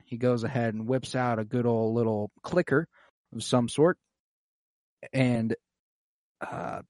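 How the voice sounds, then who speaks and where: A man's voice: mid-range voice, mellow, dry recording, studio quality. A man recapping a show in casual chat, rambling with many fillers.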